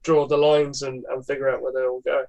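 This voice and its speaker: A man's voice: medium pitch, level tone, brisk, darkish tone, dull audio. A young man, a podcast guest chatting enthusiastically and laughing often. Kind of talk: casual conversation.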